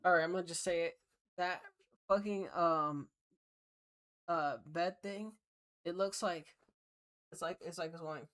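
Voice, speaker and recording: A streamer reacts to clips with loose, rambling commentary full of swearing. The voice sits at a middling pitch, and the delivery is casual and unpolished. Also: steady tone, measured pace, pauses often, fairly bright tone.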